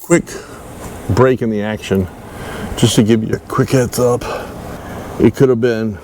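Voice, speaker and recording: A folksy man chats slowly to the camera while he works on a trailer outdoors. He talks in an easygoing, self-mocking way and chuckles at his own mistakes. Faint outdoor noise sits behind him. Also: mid-range voice, fairly even intonation, a little mellow. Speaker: channel host doing a boat trailer fix-up. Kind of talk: casual DIY vlog talk to camera.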